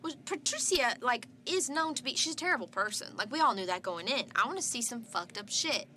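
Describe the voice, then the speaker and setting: A woman's voice: a little high, lively intonation, fairly quick, pushed and bright, slight background noise. Blunt punchy young woman reviewer. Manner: blunt and punchy, lists verdicts in short bursts, swears. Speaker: film reviewer. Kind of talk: casual film review chat.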